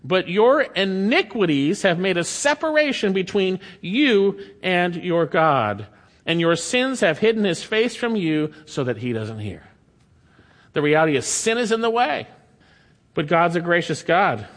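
A man's voice: sits high, big pitch swings, measured pace, fairly bright tone. A male pastor delivering a sermon, reading scripture aloud with emphatic rises and sudden drops. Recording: long hall reverb.

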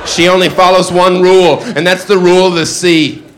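A man doing a stand-up comedy set, mostly deadpan one-liners broken by sudden loud shouted character voices. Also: high-pitched, normal speed, background noise. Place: comedy club stage before a live audience. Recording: live club recording with loud crowd.

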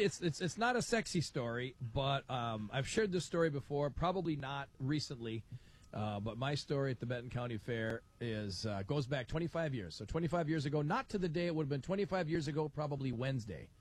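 A middle-aged man hosting a live radio talk show, telling an animated story and acting out the voices in it. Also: mid-range voice.

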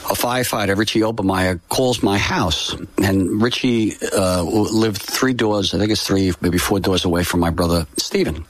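Older male interview guest, low, dry, close-miked voice, halting and emotional delivery. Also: no echo. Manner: halting, with many fillers and restarts; emotional, solemn. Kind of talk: personal storytelling in an interview.

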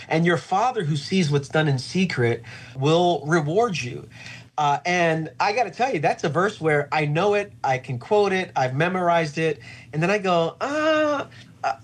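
A man's voice: fairly high pitch, husky. A middle-aged male pastor talking in a reflective, earnest way with frequent fillers during an interview. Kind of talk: conversational podcast interview.

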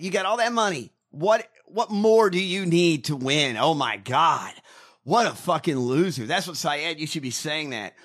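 Man, podcast co-host, swears a lot, animated voice, slightly high. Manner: profane, ranting, mocking. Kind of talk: casual chat.

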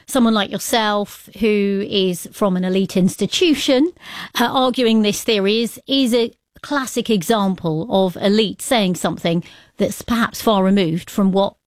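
A woman's voice: mid-range voice, unhurried, no echo, studio quality. A woman interviewer posing direct, probing questions to an author.

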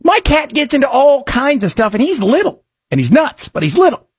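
A man hosting a radio talk show, rambling conversationally and reading ads in a quick patter. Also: very high voice, big pitch swings, no room sound, clean studio sound. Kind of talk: radio talk commentary and live ad reads.

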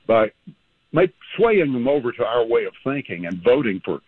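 A man's voice: mid-range voice, sing-song, moderate pace, slight background noise. A man calling into a radio show and ranting in a heated, indignant way. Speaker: caller. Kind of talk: phone-in rant. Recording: husky tinny phone line.

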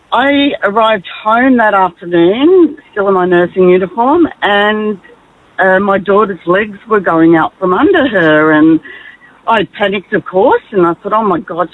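A woman calling in to a radio show to tell an animated story. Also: medium pitch. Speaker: caller, former nurse. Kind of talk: telling a story. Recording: tinny phone line.

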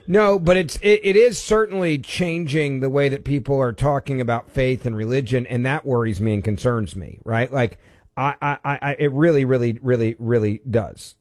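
A man's voice: medium pitch, normal speed. A man hosts a political call-in radio show from a studio. He speaks emphatically, often restarting sentences and repeating words as he drives his point home. The sound is close and dry, with no room echo. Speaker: radio talk show host. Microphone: studio microphone.

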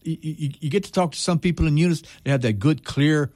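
A man hosting a radio show in a studio, speaking, relaxed and halting with many restarts. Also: on the high side, no room sound. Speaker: radio host. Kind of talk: radio interview conversation.

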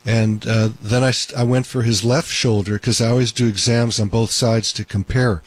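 A man's voice: mid-range voice, steady tone, moderate pace, no room sound. A man hosting a call-in radio show as a doctor, talking in an emphatic, repetitive way. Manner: talkative, emphatic, repeats points.

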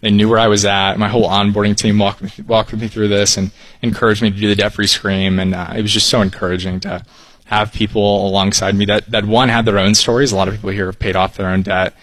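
Earnest young man, deep voice. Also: little pitch movement, fast talker, fairly bright tone, dry recording, poor audio. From Texas. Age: 20s. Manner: earnest, polite, many ums. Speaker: guest, copywriter. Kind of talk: casual interview answers.

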